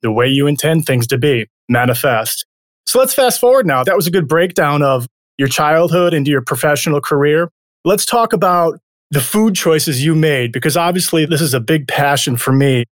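An upbeat, encouraging male podcast host leads the interview. His voice sits a little higher than most men's, and the recording is dry with no room echo. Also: lively intonation, moderate pace.

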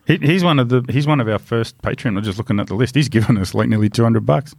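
A man's voice: medium pitch, quick pace, vocal fry, a little mellow, no room sound. A man co-hosting a podcast, chatting casually and joking around. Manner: jokey, chatty, swears casually. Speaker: podcast co-host. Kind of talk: casual banter.

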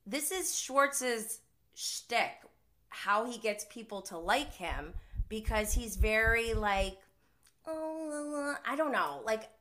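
A woman with a bright, crisp edge to her voice hosts a casual reality TV recap. She rambles in a loose, conversational way, full of "like" and quick laughs. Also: a little high. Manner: chatty, heavy use of "like", often laughing. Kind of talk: casual live-stream recap commentary.

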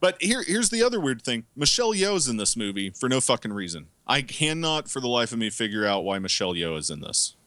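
A man chatting casually about movies on a podcast, rambling and cursing freely, filling pauses with ums and uhs. His voice is mid-pitched and recorded close and dry. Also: very animated, a bit bright, no room sound. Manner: profane, rambling, lots of fillers. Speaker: podcast co-host. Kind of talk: casual movie review chat.

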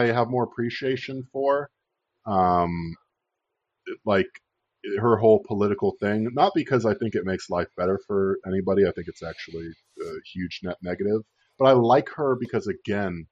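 A man's voice: on the low side, darkish tone, no echo. Sarcastic, profane man on a podcast. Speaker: podcast host. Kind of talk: casual political chat. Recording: dull lo-fi dry recording.

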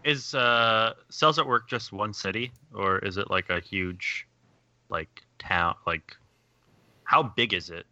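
A man co-hosting a casual podcast chat, relaxed, posing discussion questions. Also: fairly low pitch, slow pace, no room sound, muffled recording.

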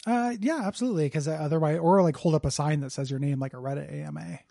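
A man's voice: on the high side, vocal fry, dark tone, no echo, clean studio sound. Playful male podcast host. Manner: playful, quick, laughing along. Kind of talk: improvised comedy banter.

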